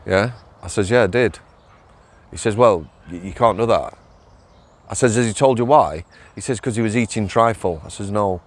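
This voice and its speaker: Chatty man, low voice. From England. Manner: chatty, laughs often, keeps asking "yeah?". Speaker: former prison officer vlogger. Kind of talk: casual storytelling monologue.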